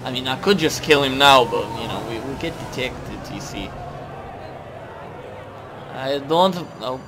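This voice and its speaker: A young man giving excitable, sweary let's-play commentary over a game. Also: medium pitch, a little slow, heavy background noise. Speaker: gaming YouTuber. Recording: game music behind the voice.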